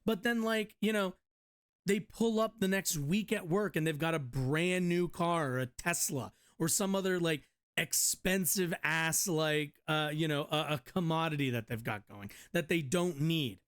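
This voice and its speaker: Blunt, profane man ranting, higher voice. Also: measured pace, fairly bright tone, smooth. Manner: profane, blunt, rambling with restarts. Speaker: streamer reading and reacting to a news article. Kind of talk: casual rant commentary.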